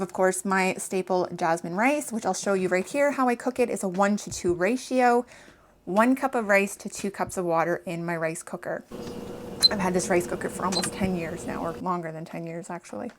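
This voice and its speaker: A woman's voice: mid-range voice, moderate pace. A woman in her thirties from Canada, chatting to viewers while cooking in her kitchen, a little out of breath. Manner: chatty, talks straight to viewers. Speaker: home cooking vlogger. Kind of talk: casual cooking vlog chat. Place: home kitchen.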